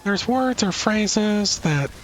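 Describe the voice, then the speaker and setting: Man from the American northwest, slow unhurried gamer chat, slightly high voice, faint game music. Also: animated, fairly bright tone, poor audio. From northwest United States. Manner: unhurried, thoughtful, trails off with fillers. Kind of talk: casual chat while gaming.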